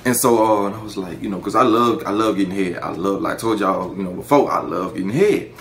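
A young man telling a casual story to the camera, animated and profane, breaking into laughter. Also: low voice, quick pace. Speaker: vlogger. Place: indoor room, seated before camera.

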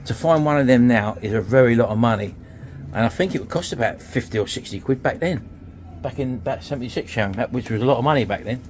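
A teasing man in his fifties from England chats while browsing a shop. His talk is joking and easy, with a faint hum of noise behind him. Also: mid-range voice. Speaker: vlogger. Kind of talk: casual chat while shopping.

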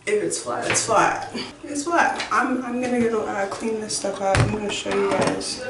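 A young woman vlogging casually at home, chatty and full of "like" fillers, talking toward a camera across the room. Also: a little high. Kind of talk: casual vlog chat. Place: bathroom at home. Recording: echoey room, mic far off, noisy.

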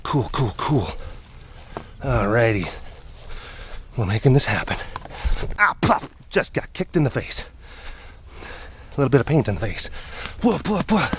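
A man's voice: medium pitch, animated, unhurried, pauses often, a little hiss or hum. A man vlogging out of breath, giving a casual running commentary outdoors and coaxing animals along as he goes. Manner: coaxing, chattering to animals between remarks. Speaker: vlogger working with big cats.

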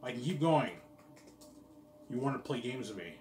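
A man's voice: mid-range voice, expressive, moderate pace, a little mellow, roomy sound, far from the mic, slight background noise. A man talking casually to his viewers in a rambling, boastful, profane monologue. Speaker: vlogger.

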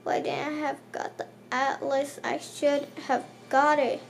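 Woman, high voice, unhurried, let's play commentary, panicky repeated outbursts, faint hiss behind. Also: fairly even intonation, vocal fry. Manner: panicky, repeats words in bursts; talks to the game's enemies. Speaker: gaming channel host.

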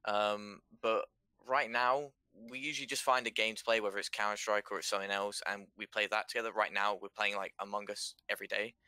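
A man's voice: on the low side, level tone, fairly quick, pushed and bright, smooth, dry recording. A man answering interview questions about his esports team in an earnest, thoughtful way.

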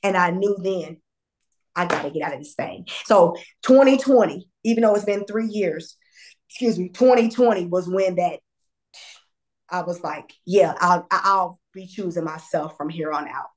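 A young woman, a podcast guest, telling a candid personal story and acting out the dialogue with lively jumps in pitch. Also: measured pace. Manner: animated, acts out quoted dialogue with pitch jumps; repeats herself and apologizes for rambling.

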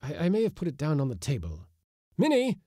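A man voicing an excitable Victorian bacteriologist who rushes his words in agitation. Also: medium pitch, dry recording, clean studio sound, pitched above the performer's own voice. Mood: panicked. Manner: excitable, breathless.

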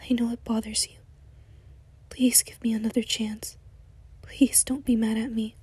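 A hoarse woman reading the lines of an anxious young man who pleads in a soft, unvoiced whisper. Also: fairly high pitch, level tone, takes it slowly, no room sound, heavily acted. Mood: whispered pleading.

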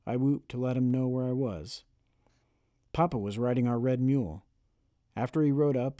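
A man narrating a first-person audiobook with steady, expressive storytelling. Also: fairly low pitch, no echo, clean studio sound.

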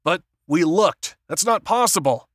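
A man's voice: medium pitch, lively intonation, normal speed, a bit bright, smooth, no room sound, clean studio sound, lightly acted. A man voicing a nervous middle-aged company president who sounds anxious and incredulous.

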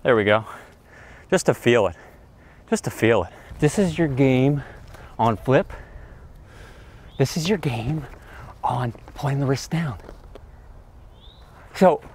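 An excitable man teaching a golf lesson outdoors on a practice range. His fairly high voice swings widely and lively in pitch, and he bursts into exclamations as he talks. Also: a little hiss or hum. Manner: enthusiastic, excitable, exclaims and hoots. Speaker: golf instructor.

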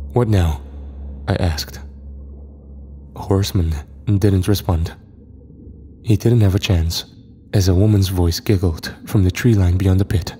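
A man narrating a first-person horror story in a steady, even manner. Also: sits low, slight background noise.

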